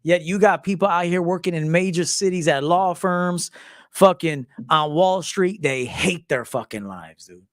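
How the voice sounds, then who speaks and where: A man in his forties, a men's life coach, telling stories in a profane, animated casual monologue, acting out quotes. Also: high voice, measured pace, no room sound, studio quality. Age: 40s. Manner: profane, animated storytelling with acted quotes and laughs.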